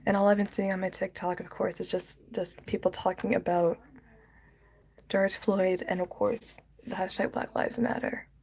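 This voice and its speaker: A woman's voice: mid-range voice, level tone, moderate pace, a little mellow. A woman crying as she vents in a vlog, sighing and dropping into whispers. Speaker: vlogger. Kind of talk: emotional vlog rant.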